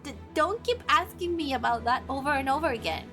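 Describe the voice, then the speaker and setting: A woman's voice: high-pitched, expressive, fairly quick. A woman voicing a nervous, evasive young man who stammers and pleads his innocence. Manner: stammering, flustered. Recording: game music playing behind.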